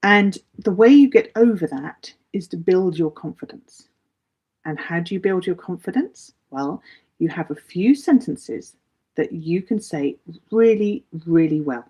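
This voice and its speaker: English woman, English teacher on a livestream, low-ish husky voice, chatty and animated. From England. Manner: chatty, animated, quick with many asides. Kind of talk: live Q&A lesson.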